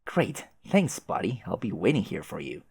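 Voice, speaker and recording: A man's voice: on the low side, wildly swooping pitch, normal speed, vocal fry, darkish tone, breathy edge, full character voice. A man voicing a haughty, sarcastic teenage girl troll who schemes and taunts. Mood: scheming. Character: snooty haughty female teen troll schemer.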